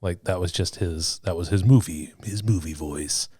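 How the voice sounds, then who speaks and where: A man's voice: normal speed, mellow, slightly rough, no room sound, studio quality. A man co-hosting a podcast in casual, jokey banter, laughing often. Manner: jokey, laughs often, puts on a deep movie-trailer voice. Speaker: podcast co-host. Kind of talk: casual chat.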